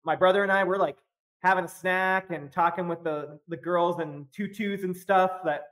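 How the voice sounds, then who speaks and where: A man with a fairly high voice for his sex chats as a podcast guest. He tells a loose, rambling story packed with fillers and laughter. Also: fairly even intonation, moderate pace, a bit bright. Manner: rambling, filler-heavy, laughs often while telling. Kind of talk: casual storytelling chat.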